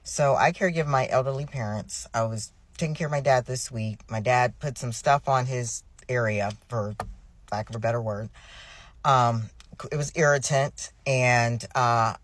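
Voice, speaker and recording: A middle-aged woman caregiver venting in an exasperated, rushed way, often restarting her sentences. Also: a bass voice, no room sound. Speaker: family caregiver. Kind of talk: emotional personal venting.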